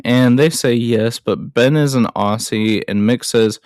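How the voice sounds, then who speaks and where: A man talking through a film scene by scene in a casual recap. He speaks slowly and drops chatty, self-deprecating asides. The recording is dry and close. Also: mid-range voice, a little mellow, no echo.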